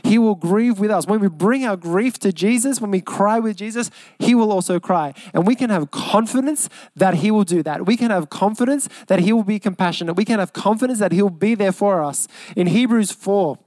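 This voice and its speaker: Earnest young Australian pastor preaching. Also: male voice, high voice, no echo. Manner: earnest preaching, slows and softens on key phrases, repeats lines for emphasis. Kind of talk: sermon.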